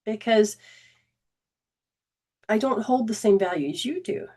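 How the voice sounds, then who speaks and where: A woman hosts a spiritual self-help talk in an earnest, conversational voice. She restarts her sentences and drops into quick acted-out snippets of dialogue. Her pitch sits in a typical middle range for a woman. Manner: acts out remembered dialogue in lively quoted voices. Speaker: host and spiritual healing coach.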